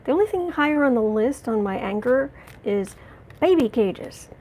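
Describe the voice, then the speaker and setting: A woman hosting a live tarot stream, reading cards and answering chat, angry but trying to stay calm, halting with fillers and restarts. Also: on the high side, slight background noise. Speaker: tarot reader and livestream host.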